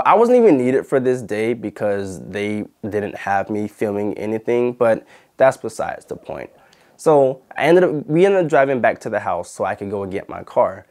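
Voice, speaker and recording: A man's voice: on the low side, darkish tone. A man hosting his channel, telling a personal story in a chatty way with lots of fillers. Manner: chatty, retells arguments, many fillers. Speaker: YouTube channel host. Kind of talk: casual storytime vlog.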